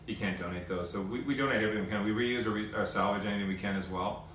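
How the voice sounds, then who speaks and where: A man's voice: lowish voice, rapid-fire, a bit bright, slight background noise. A man in his thirties hosting a casual live-stream chat at home, joking and breaking into sung bits. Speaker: TV host. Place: home, indoors. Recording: echoey room from a distance with faint ambience.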